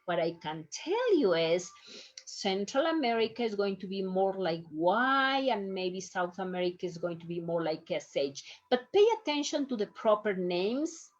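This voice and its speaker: A woman's voice: mid-range voice, animated, moderate pace. A woman teaching a medical Spanish lesson, drilling syllables by careful repetition in slightly nonstandard English. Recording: dull lo-fi audio.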